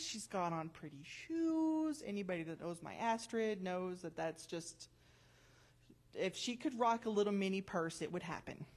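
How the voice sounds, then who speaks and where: Animated woman telling her testimony. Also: on the high side. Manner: chatty and animated storytelling. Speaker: church member giving testimony. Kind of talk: personal testimony.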